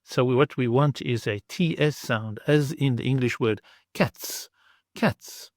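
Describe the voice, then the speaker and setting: A man gives a pronunciation lesson at an unhurried, careful pace, saying each example twice and stretching the sounds so they come through clearly. His voice sits at an ordinary middle pitch. The recording is close and dry, with no room echo. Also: a little mellow. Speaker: language teacher. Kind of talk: slow, deliberate pronunciation lesson.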